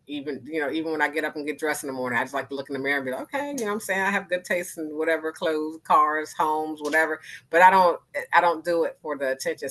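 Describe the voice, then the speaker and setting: A woman's voice: deep voice, a bit bright, low-quality recording. A woman in her fifties, a guest speaker and arts organization founder, talking candidly on a panel. She acts out other people's voices and laughs often. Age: 50s.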